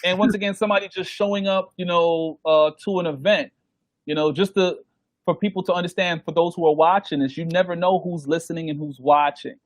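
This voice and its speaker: A DJ guest in a casual interview tells stories from his career, talking a little fast, voicing the people he quotes and laughing often in an animated way. His voice is somewhat high for a man. The recording is dry and close, without any room sound.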